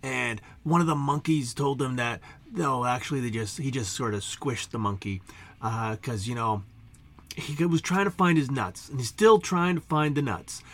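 A man with a medium-pitched, fairly bright voice streams to a chat at a moderate pace, improvising a silly story. He meanders, interrupts himself, and jokes, piling on asides.

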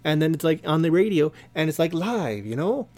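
A man hosts and narrates an improvised role-play game on his online radio show. He rambles playfully and jokes as he goes. His voice sits high and swings lively up and down. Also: fairly quick.

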